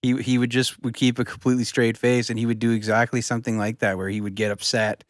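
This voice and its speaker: A man's voice: mid-range voice, level tone, quick pace, dry recording, studio quality. A man co-hosting a comedy podcast, telling rambling anecdotes in a laid-back casual chat. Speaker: podcast co-host.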